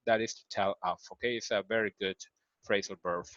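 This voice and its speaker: A man with a Spanish accent, a native Spanish speaker teaching an English lesson. He explains slowly, repeats key phrases and acts out example lines. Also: lowish voice, fairly even intonation, a bit bright, no echo. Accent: Mexican Spanish. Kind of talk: recorded online grammar lesson. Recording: dull lo-fi sound, dry.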